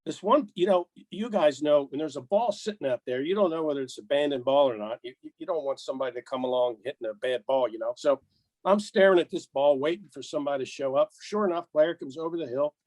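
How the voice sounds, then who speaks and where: An older American man, a golf rules official and podcast guest, telling lively anecdotes and acting out the dialogue with chuckles. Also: fairly high pitch, fast, no room sound, poor audio. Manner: animated storyteller, acts out dialogue, chuckles.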